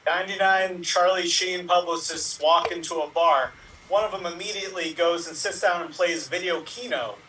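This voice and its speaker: A man improvising bar jokes in a high, bright voice. He sounds a little off the mic, as if sitting back from it. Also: fairly even intonation, moderate pace, far from the mic, a little hiss or hum, poor audio. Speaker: improv player. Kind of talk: telling quick setup-punchline jokes.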